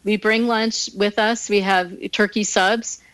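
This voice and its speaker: A woman's voice: mid-range voice, flat delivery, measured pace, a bit bright, smooth, no echo, poor audio. A woman talking casually as a guest, telling fishing stories with frequent laughter. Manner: chatty, laughs often, storytelling. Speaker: guest angler. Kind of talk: casual interview chat.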